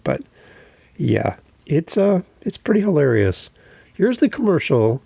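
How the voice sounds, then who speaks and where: Male podcast host, mellow and raspy, deliberate teaching delivery. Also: medium pitch, no room sound. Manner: deliberate, coaching, repeats key points. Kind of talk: instructional podcast talk.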